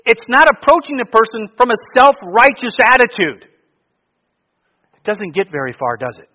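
A middle-aged male pastor telling stories in a sermon, jumping from loud bursts down to quiet, hushed asides. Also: sits high, normal speed, long pauses, muffled recording.

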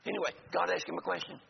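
Male pastor, gravelly voice, folksy and joking, dull lo-fi church recording. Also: high voice. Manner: folksy, joking asides to the congregation. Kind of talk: sermon. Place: church sanctuary. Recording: gravelly voice in a reverberant hall, dull lo-fi sound, faint noise.

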